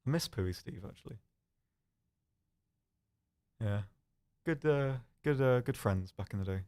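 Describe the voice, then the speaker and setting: A young man hosting a live stream, answering chat questions in a calm, soft-spoken, dry and self-deprecating way. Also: mid-range voice, unhurried, clean tone.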